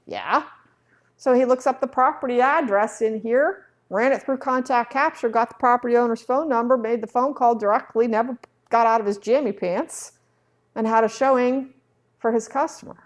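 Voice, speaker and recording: A woman with a slightly high voice leads a real estate software training session. She is chatty and acts out little dialogues from her anecdotes.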